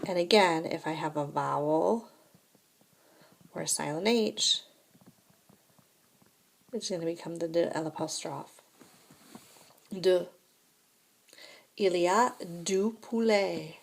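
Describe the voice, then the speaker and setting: A woman's voice: fairly low pitch, takes it slowly, gravelly, long pauses. A woman teaching a recorded French lesson, explaining grammar step by step and checking in with "right?" and "okay?".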